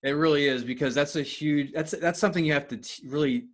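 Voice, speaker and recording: A man's voice: fairly high pitch, quick pace. Friendly rambling male podcast host. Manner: rambling and friendly, restarts his sentences. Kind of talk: casual podcast interview.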